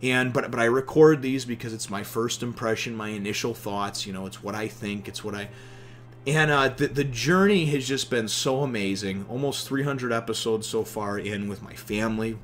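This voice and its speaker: Speaking at a normal speed in a medium-pitched voice, a thirtysomething man gives a casual review of a comic chapter from his home office. He gets emotional and animated, with the occasional swear word.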